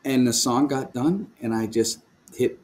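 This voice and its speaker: A man telling a personal story as a guest on a video call, his mid-pitched voice shifting with the telling. He laughs often and restarts his sentences as he goes, speaking casually and candidly. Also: a little slow, darkish tone. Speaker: guest, worship leader. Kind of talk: remote video call interview. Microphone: video call microphone.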